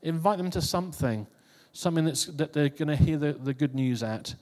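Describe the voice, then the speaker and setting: This is a preacher addressing his congregation in a loose, conversational sermon, circling back to repeat and restart phrases. He's a man with a higher voice, a darkish tone and a brisk delivery, captured with long hall reverb.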